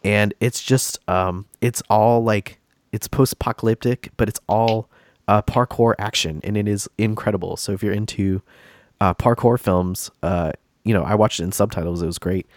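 A man's voice: on the low side, fairly even intonation, moderate pace, dry recording. A man hosting a casual gaming podcast, stuffy and congested from a cold, rambling with many fillers and restarts. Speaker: podcast host.

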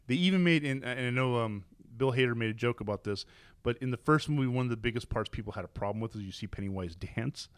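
A man talking casually and at length, his voice an ordinary middle pitch. He rambles through restarts and "uh"s but lifts with real enthusiasm when a story grabs him. The sound is dry and close, with no room around it. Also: fast, smooth, dry recording. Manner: rambling, with frequent restarts and fillers. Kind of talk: casual chat.

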